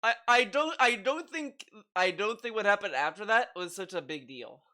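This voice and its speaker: A man streaming live and reacting to videos, talking in an excitable, stammering way. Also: sits high, normal speed. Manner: animated, excitable, stammering repeats.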